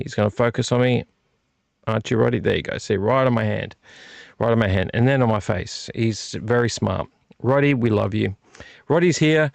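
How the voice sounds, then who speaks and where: A man's voice: mid-range voice, gravelly, darkish tone, no room sound. A man hosting his own vlog from a room at home, chatting casually and playfully, with silly wordplay and repeated phrases, into a desk microphone. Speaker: vlog host. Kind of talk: casual rambling chat to camera. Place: home room with fire on a TV and a heater.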